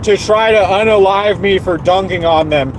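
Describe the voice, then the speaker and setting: A man with a high-pitched voice delivering a heated, profanity-laden rant, repeating himself as he goes. Faint outdoor traffic and car sounds sit in the background. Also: normal speed. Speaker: streamer. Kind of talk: angry ranting monologue.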